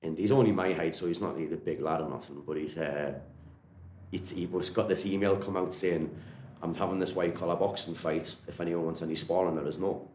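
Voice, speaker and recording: A Geordie man with a very low voice talks quickly as a martial arts coach, rambling through stories in a friendly, casual way. His voice carries an echo from the room around him. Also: steady tone, darkish tone, slight background noise. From Newcastle, England. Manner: rambling, friendly, lots of "you know" and "like". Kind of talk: casual storytelling interview.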